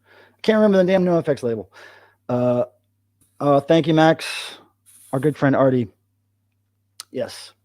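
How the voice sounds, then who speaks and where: An American man hosting a casual livestream, rambling and animated as he chats with a co-host. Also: medium pitch, measured pace, long pauses, no room sound. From United States. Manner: rambling, animated, talks to his cat in a soft baby voice. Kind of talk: casual live-stream chat.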